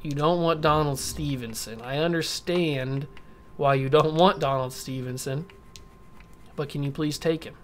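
A man's voice: a little high, unhurried, a little hiss or hum. A young man hosting a gaming channel, giving gameplay commentary while frustrated with himself and muttering to himself. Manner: frustrated, self-scolding, talks to himself.

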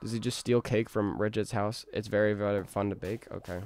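A man's voice: on the low side, steady tone, a little fast, few pauses, darkish tone. A man giving casual, rambling gameplay commentary, talking to himself with jokey outbursts. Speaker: gaming streamer.

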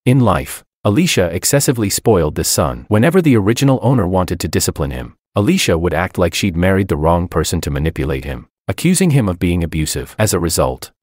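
A man narrates a first-person audiobook in a deep, low voice. His pitch moves a lot across the lines, but his delivery stays dry and matter-of-fact. The recording is close and dead, with no room sound. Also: a little mellow, no echo.

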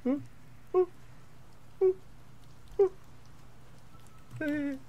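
A young man commentating a horror game as he plays, jumpy and excitable, yelping and taunting the monster. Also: very high-pitched, extremely slow, narrow, tinny audio. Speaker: gaming video creator.

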